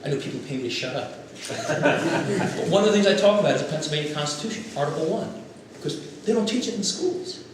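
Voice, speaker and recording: A man giving a stump speech as a political candidate, an animated storyteller who acts out quotes, recorded by a far camera in a former classroom. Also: fairly high pitch, brisk. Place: former classroom at a local meeting. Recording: echoey room, far camera, noise.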